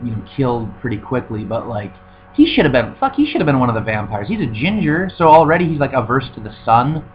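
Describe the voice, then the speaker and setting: A man with an ordinary mid-range voice reviews a film in a loose, rambling way, sarcastic and full of swearing and fillers. The recording sounds slightly muffled. A faint hum runs underneath. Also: medium pitch. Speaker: movie reviewer. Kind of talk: casual film review rant.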